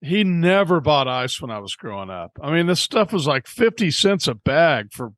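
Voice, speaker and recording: A man's voice: fairly high pitch, very animated, normal speed, fairly bright tone, no echo. A man co-hosting a homebrewing podcast, explaining things and telling stories in easygoing, casual chat. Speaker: podcast co-host.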